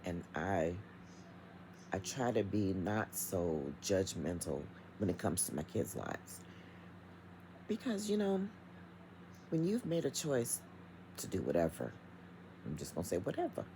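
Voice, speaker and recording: Very deep-voiced, animated woman vlogger. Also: unhurried, pauses often, slight background noise, poor audio. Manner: emphatic and chatty, addresses viewers directly. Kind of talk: casual vlog rant.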